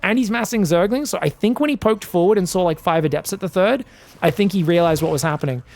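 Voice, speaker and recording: A man giving solo commentary on a strategy game match, excitable and chatty, bursting into shouted reactions and talking straight to his viewers. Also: sits high, fast talker, gravelly. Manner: chatty asides, addresses viewers as guys. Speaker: esports caster.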